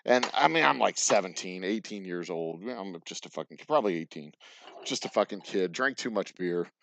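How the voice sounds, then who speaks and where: A middle-aged Texan man talks loosely on a live stream as he works, drifting from story to story with lots of swearing and laughter. His pitch swings widely. Faint clinks and clicks of bottles sound behind him. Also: lively intonation, normal speed, vocal fry, fairly bright tone, a little hiss or hum. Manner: rambling storyteller, swears freely, laughs often. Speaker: distillery owner streaming live. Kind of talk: casual live-stream chat while working. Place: distillery workroom.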